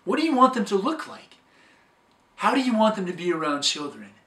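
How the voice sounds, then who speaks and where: A man's voice: high voice, big pitch swings, brisk, bright, forceful tone, distant mic. Upbeat man coaching in an echoey room. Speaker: dating coach. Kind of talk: scripted motivational talk.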